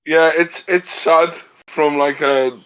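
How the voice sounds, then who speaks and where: A man's voice: fairly high pitch, fairly even intonation, slow, a bit bright, clear, resonant tone. Hesitant man on a podcast. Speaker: podcast co-host. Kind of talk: casual chat. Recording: dull lo-fi sound.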